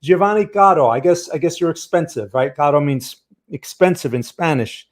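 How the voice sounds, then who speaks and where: A man's voice: a little high, moderate pace, darkish tone. A man hosting a casual livestream about trading, chatting loosely and greeting viewers by name. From New York. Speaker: trading stream host. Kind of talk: casual livestream market talk.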